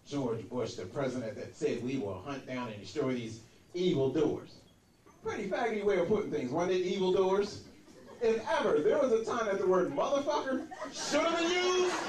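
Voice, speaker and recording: A man doing a crude, brash stand-up comedy set in a comedy club, slipping into quick impressions of the people in his stories. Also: sits high, slight background noise. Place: comedy club stage with a laughing audience. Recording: roomy club recording from a distance, crowd laughter.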